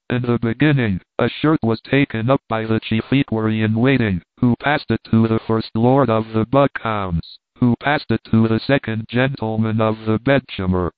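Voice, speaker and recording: Male audiobook narrator, steady storytelling read; lo-fi telephone-band, no room sound. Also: lowish voice, smooth, no room sound. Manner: measured storytelling reading. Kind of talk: scripted narration. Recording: tinny phone-like dry recording.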